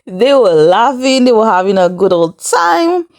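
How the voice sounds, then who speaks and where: A woman's voice: medium pitch, lively intonation, unhurried, a little mellow, no room sound, studio quality. A woman giving a casual recap of a reality show, chatty and incredulous, laughing often as she tells it. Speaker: recap vlogger.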